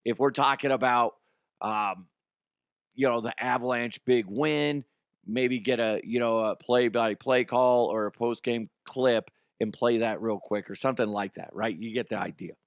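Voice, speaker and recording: A man's voice: medium pitch, fairly even intonation, moderate pace, clear, resonant tone, no echo, clean studio sound. A man hosting a show, telling a story in a blunt, profane, casual way. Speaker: show host, former radio producer.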